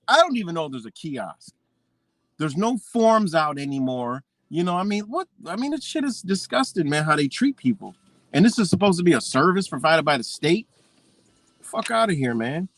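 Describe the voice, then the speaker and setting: A man's voice: sits high, big pitch swings, moderate pace, a bit bright, dry recording. A man ranting on a live stream, rambling and swearing freely as he talks. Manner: profane, rambling, heated. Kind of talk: casual live-stream rant.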